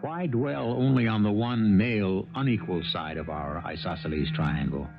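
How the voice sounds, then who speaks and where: A man hosting a 1970s radio drama, musing aloud in a measured storytelling manner. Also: lowish voice. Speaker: host. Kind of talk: radio drama host commentary. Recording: dull 1970s radio broadcast over music.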